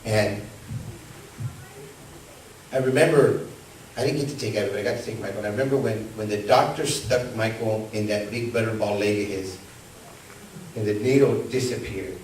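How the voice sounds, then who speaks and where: A man preaching a sermon as pastor, telling stories and asking the congregation rhetorical questions, swinging between loud, high calls and soft, low asides. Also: moderate pace, pauses often, a little hiss or hum. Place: church sanctuary. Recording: echoey church from a distant mic.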